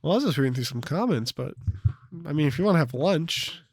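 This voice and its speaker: Young guy cohosting a podcast, kinda high voice, teases and swears a lot. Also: lively intonation, quick pace. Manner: teasing, sarcastic, swears freely. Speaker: podcast co-host. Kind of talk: casual chat.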